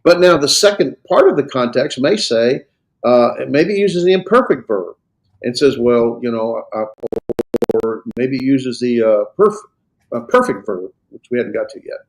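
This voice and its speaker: A man's voice: medium pitch, very animated, normal speed. Man explaining Greek grammar to a class. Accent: American Southern. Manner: explains patiently with many fillers and restarts. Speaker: Greek instructor. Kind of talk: classroom lecture and Q&A.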